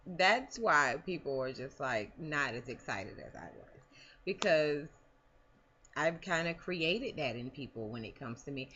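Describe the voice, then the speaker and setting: Low-voiced woman rambling in a vlog. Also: lively intonation, normal speed, fairly bright tone, muffled recording. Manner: rambling, many fillers and restarts. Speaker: vlogger. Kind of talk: casual personal vlog.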